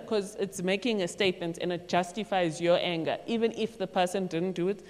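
A woman leading a youth group, talking through faith in a casual, animated way and acting out quotes as she goes. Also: on the low side, a little fast, hardly any pauses. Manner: chatty, animated, acts out quotes and laughs. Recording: long echo in a large hall.

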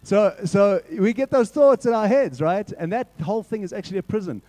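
A man giving a lively church talk to a youth group, telling jokes and acting out the characters in his stories. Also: sits high, brisk, dry recording, rough recording. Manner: animated joke-telling, acts out characters.

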